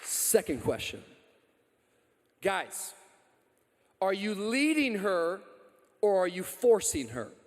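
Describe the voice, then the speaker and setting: Brief: energetic male pastor, high voice, joking sermon, long hall reverb. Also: takes it slowly, pauses often. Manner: energetic, joking, loud calls to the crowd.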